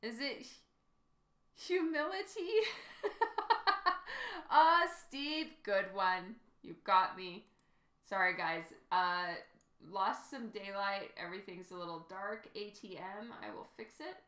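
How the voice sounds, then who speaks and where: A woman's voice: mid-range voice, slow, fairly bright tone, roomy sound. A woman in her thirties, an artist chatting casually with her live-stream viewers while she draws, giggly and chatty. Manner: giggly, chatty, reads chat aloud.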